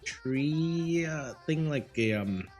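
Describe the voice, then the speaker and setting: A man's voice: on the high side, expressive, takes it slowly, a little mellow. A young man speaking English as a second language with a Vietnamese accent, streaming and telling a rambling story full of fillers and restarts. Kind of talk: casual chat. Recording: faint music behind.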